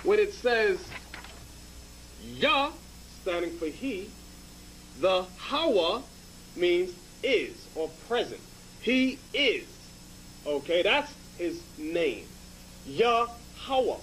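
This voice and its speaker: A man's voice: high voice, big pitch swings, slow pace, a bit bright, slight background noise, low-quality recording. A man giving informal Bible teaching, emphatic and repetitive, often checking with "okay?". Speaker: religious teacher.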